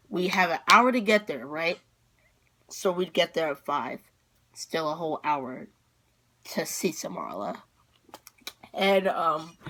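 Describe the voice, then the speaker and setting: A female vlogger telling a dramatic story-time tale with excitable energy, packed with fillers and sudden outbursts. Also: on the low side.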